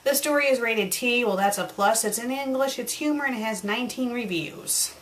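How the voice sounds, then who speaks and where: A woman's voice: on the high side, normal speed, slight background noise. Sarcastic woman reviewing fanfiction. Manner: sarcastic, exasperated asides.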